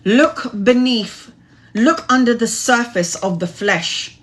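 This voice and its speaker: A woman's voice: medium pitch, slow, fairly bright tone. Woman on a live tarot stream, rambly and earnest, talks straight into her phone. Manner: rambling, earnest, advice-giving. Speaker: tarot reader answering live chat questions. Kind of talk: casual live-stream chat. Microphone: phone or webcam live stream.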